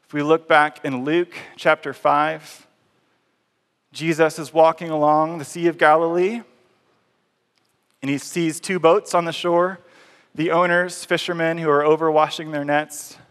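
A man's voice: fairly high pitch, a bit bright. A man preaching a sermon, telling the story conversationally and acting out scenes. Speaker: pastor. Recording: reverberant hall.

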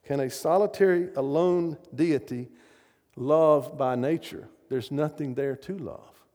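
A middle-aged man preaching with emphasis, throwing questions out to his listeners. His voice sits a little high yet sounds warm and mellow. Long reverb trails after him through a large hall. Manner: emphatic, asks the audience questions. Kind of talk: sermon.

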